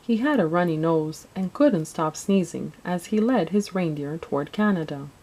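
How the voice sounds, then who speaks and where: Low-voiced woman reading a storybook. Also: expressive, moderate pace, a little mellow, poor audio. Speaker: narrator.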